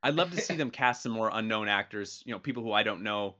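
A man's voice: fairly low pitch, fast, bright, forceful tone, muffled recording. A man chatting casually as a podcast co-host, rambling with many fillers and restarts. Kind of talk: casual chat.

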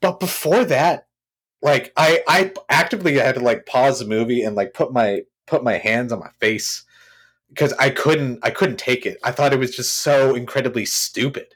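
A man's voice: medium pitch, moderate pace, breathy edge. A man co-hosting a podcast, chatting casually about a film and acting out its scenes with lots of "like" fillers. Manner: animated, acts out scenes, many "like" fillers. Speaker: podcast co-host. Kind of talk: casual film review chat.

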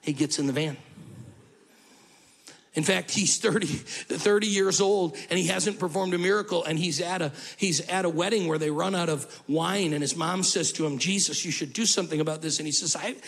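A male pastor preaching a sermon in an animated way, with humorous asides and acted-out quotes. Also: high voice, moderate pace, vocal fry, breathy edge.

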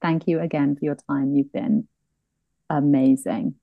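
A woman's voice: deep voice, steady tone, measured pace, gravelly, dry recording, narrow, tinny audio. A woman hosting a podcast, chatty and effusive, thanking her guest and wrapping up the show with self-deprecating asides. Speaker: podcast host. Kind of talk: casual chat and show outro.

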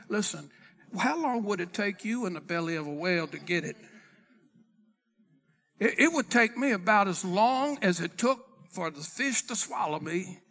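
A man's voice: high voice, fairly bright tone, big-room sound. A man preaching a sermon as pastor, acting out Bible conversations and reading scripture in old-fashioned wording. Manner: dramatic preaching, acting out dialogue with God.

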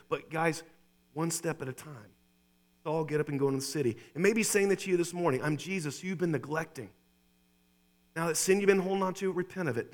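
An excitable male pastor preaching a sermon in a church. His voice sits a touch higher than most men's. He talks straight to the congregation and doubles back on his own phrases. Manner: excitable, repeats phrases, addresses listeners as "you guys".

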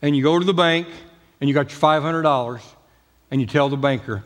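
A man's voice: a little high, fairly quick, a bit bright, in a large hall. A man preaching a sermon as pastor, talking in a folksy, emphatic way with jokes. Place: church sanctuary.

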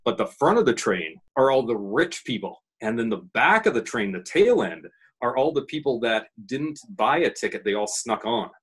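A man running through TV picks in casual chat, animated and playfully dramatic. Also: medium pitch, normal speed, husky. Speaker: show panelist reviewing TV.

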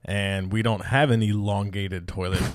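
A man's voice: fairly low pitch, steady tone, moderate pace, dry recording. Exasperated man in dry casual chat. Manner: exasperated, swears a lot. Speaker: podcast host.

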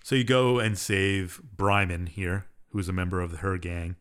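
Podcast guy w a lowish voice, rambling thru a game story recap, lots of uhs. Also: normal speed, a bit bright, clear, resonant tone. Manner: rambling plot retelling with many "uh" fillers. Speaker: podcast co-host. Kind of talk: casual chat recapping a game's story.

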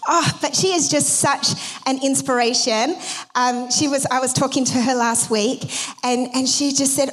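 A woman's voice: sits high, steady tone, normal speed. A woman pastor giving a conversational sermon, with frequent fillers and restarts as she talks.

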